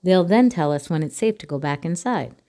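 A woman voicing a patient flamingo schoolteacher who calms her class. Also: on the low side, a little fast. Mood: reassuring. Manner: gentle and reassuring. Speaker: teacher.

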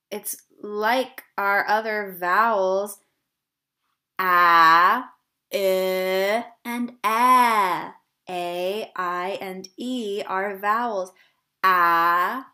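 A woman teaching a kindergarten phonics lesson, sounding out short words deliberately and drawing them out for young children. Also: medium pitch, pushed and bright.

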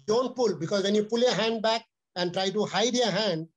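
A man's voice: sits high, normal speed. A middle-aged man with an Indian accent, earnestly lecturing dog owners in a webinar and repeating his key points. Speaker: dog trainer giving a webinar talk. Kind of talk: instructional webinar talk.

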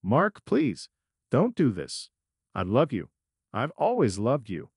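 A man's voice: medium pitch, wildly swooping pitch, takes it slowly, gravelly, husky, dry recording, clean studio sound, exaggerated voice. A man voicing a guilty, unfaithful wife who pleads desperately through her sobs. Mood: pleading.

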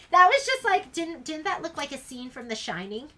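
Woman sewing teacher, high bright voice, rambly and chatty, sewing room. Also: very animated, moderate pace. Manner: chatty and rambling, talks to her dogs. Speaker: sewing instructor. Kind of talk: casual sew-along tutorial.

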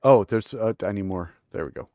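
A man's voice: fairly low pitch, expressive, brisk, a little mellow, soft background music. A man hosting a casual co-op game session, chatty and amused, laughing often. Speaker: gaming channel host. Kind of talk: casual co-op gaming chat.

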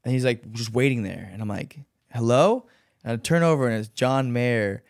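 A man guesting on a podcast, telling lively stories full of fillers and putting on high voices for quotes. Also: brisk, creaky, dry recording, studio quality. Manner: animated storyteller, acts out quotes in high voices, many fillers. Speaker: podcast guest, professional dancer. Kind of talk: casual chat, storytelling.

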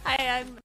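A woman's voice: sits high, sharp tone. A woman streamer chatting casually, playful and silly, giggling often.

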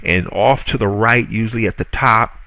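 A man's voice: lowish voice, normal speed, pushed and bright, no room sound. A man giving a spoken marketing tutorial in a conversational, salesy way, with frequent fillers, self-corrections and rhetorical questions to the viewer. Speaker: online marketing instructor.

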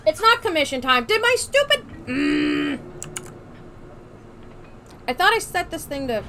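A woman with a high-pitched voice and vocal fry streams a video game, unhurried and pausing often. Her let's-play commentary is casual, playful and full of swearing, and she slips into a mock pirate voice. Her streaming mic carries steady noise.

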